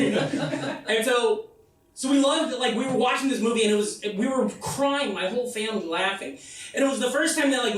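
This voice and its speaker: An American man telling a profane comic story live on stage, breaking into shouted bits. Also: high voice. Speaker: comedian. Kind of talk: comedic one-man stage show. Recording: echoey live room, mic far off.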